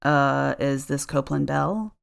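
A woman voicing a friendly, easygoing male construction worker who talks in a relaxed, rambling way with a laugh in his voice. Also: very deep voice, a little slow, gravelly, full character voice.

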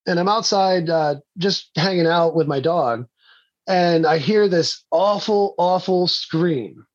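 A man's voice: high voice, slow, dull audio. A man, an indie filmmaker, telling rambling stories in a casual interview and laughing often.

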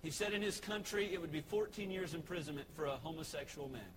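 High-voiced Texan pastor preaching. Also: male voice, fast talker. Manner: conversational storytelling with frequent fillers. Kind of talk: evening sermon. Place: church sanctuary. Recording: clear background noise.

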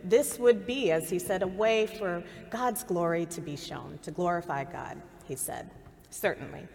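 A woman pastor delivering a sermon, earnest and measured, with dramatic pauses. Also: on the low side, darkish tone, big-room sound.

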